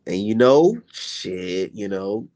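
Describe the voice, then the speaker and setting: Speaking slowly in a dark, lowish voice with lively intonation, a young man hosts a boxing channel, reading viewer comments and ranting heatedly. He swears freely and sounds blunt and fed up.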